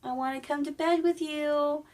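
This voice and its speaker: A woman voicing a pushy, slangy male frog in a high, squeaky put-on voice. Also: fairly even intonation, moderate pace, a little mellow, natural voice. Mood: whiny insistent.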